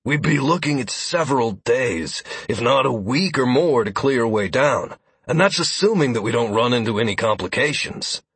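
A man voicing a big, stubborn male labourer who speaks in a firm, annoyed, deliberate way. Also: mid-range voice, animated, a bit bright, breathy edge, no echo, pitched above the performer's own voice.

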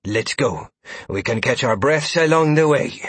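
A man voicing a gruff male adventurer who growls his lines in an audiobook. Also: mid-range voice, animated, measured pace, fairly bright tone, dry recording.

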